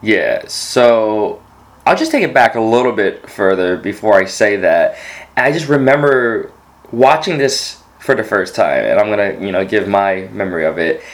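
A man co-hosting a podcast, casually discussing a movie and excitedly retelling a scene with lots of restarts. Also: lowish voice, moderate pace. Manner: animated retelling, full of restarts. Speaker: podcast co-host.

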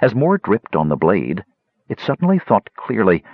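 Male narrator, low husky voice, lively intonation, dry dull lo-fi recording. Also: moderate pace, no echo. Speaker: audiobook narrator. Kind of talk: scripted fantasy narration.

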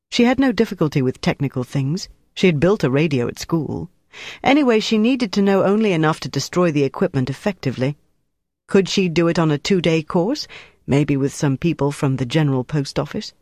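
Steady, dry audiobook narrator. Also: mid-range voice, dry recording. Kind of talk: scripted narration.

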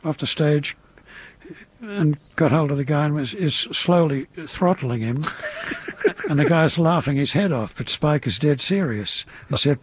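An older Australian man recounts his stage and radio years as an interview guest, wandering through stories with restarts. His voice sits slightly high with a husky grain. The recording is dry, with no room sound. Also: measured pace, dry recording. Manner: rambling raconteur, hesitant restarts, mimics others in quotes. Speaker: interview guest, veteran entertainer. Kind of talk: anecdotal storytelling interview.

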